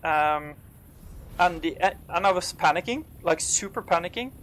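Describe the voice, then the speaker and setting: Slightly high and fairly bright, this man's voice keeps a measured pace even as he sounds panicked and breathless. He's streaming a game with live commentary, rambling, filling gaps with fillers, and cursing whenever something startles him.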